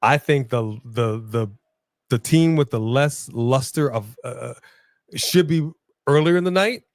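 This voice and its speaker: A man's voice: medium pitch, measured pace, dry recording. Chill guy chatting on a live stream, mid voice, dry close sound, keeps repeating himself and laughing. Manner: laid-back, laughs often, repeats phrases. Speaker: co-host of a wrestling watch-along stream. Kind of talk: casual live-stream chat reading super chats.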